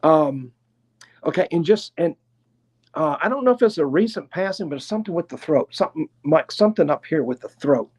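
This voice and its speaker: Tennessee guy, medium doing a live reading, kinda high voice, slow and chatty, hedges a lot. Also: expressive, darkish tone. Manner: unhurried, chatty, hedging. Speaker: clairvoyant medium.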